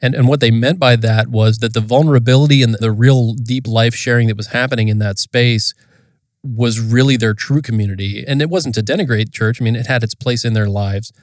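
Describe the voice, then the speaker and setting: A man co-hosting a conversation, speaking in a thoughtful, measured and reflective way. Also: mid-range voice, dry recording, studio quality. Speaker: podcast co-host. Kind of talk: casual conversation.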